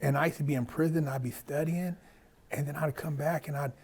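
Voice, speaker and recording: A fairly high-pitched man hosting a podcast. He talks in a loose, animated way, swears freely and acts out the people he quotes. He sounds middle-aged. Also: a little fast, slightly rough. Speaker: podcast host. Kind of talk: casual conversation.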